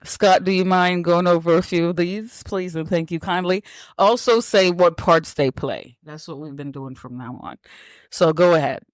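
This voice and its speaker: A woman's voice: on the low side, normal speed, dry recording. A woman hosting a casual podcast, teasing her co-host and laughing often. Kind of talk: casual chat.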